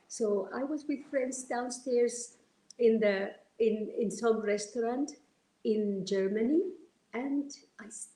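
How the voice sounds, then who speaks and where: A woman from Argentina, sharing personal stories as a guest in a heartfelt, animated way. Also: fairly high pitch. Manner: heartfelt, animated, many restarts. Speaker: interview guest. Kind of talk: personal storytelling. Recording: roomy echo.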